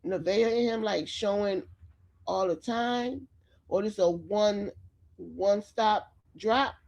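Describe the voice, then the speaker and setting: A woman's voice: mid-range voice, vocal fry, darkish tone, lo-fi sound. A woman giving casual, opinionated celebrity gossip commentary straight to her viewers. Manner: chatty, opinionated, addresses viewers directly. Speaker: commentary vlogger.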